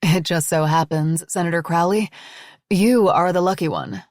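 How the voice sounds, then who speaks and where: A woman's voice: fairly low pitch, moderate pace, darkish tone, no room sound, clean studio sound, natural voice. A woman voicing a poised female hostess of a mansion, dramatic and eager to please. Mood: teasing.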